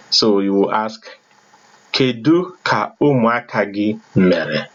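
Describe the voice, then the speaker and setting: A Nigerian man gives a spoken language lesson and drills each phrase several times so the tones come through. His voice sits low. The sound is dull and lo-fi. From Enugu State, Nigeria. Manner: repeats phrases slowly, stressing the tones. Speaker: language teacher.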